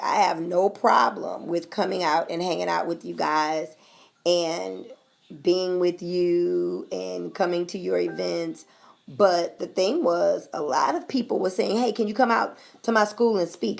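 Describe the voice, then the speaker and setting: An American woman vlogging in a blunt, sassy, animated way, cursing freely as she talks to her viewers. Her voice sits a little low and carries a strong gravelly fry. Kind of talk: casual straight-talk vlog.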